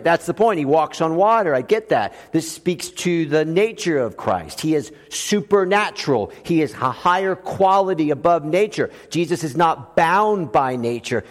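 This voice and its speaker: A man preaching a sermon as pastor, telling stories with humor and a lively, conversational manner. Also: fairly high pitch. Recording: long hall reverb.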